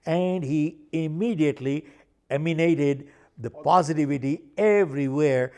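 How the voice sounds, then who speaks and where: A man's voice: on the high side, normal speed, a little mellow. An older man, an author and speaker, telling stories in an interview and driving his points home by repeating them. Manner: emphatic, repeats points for stress. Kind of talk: animated interview storytelling.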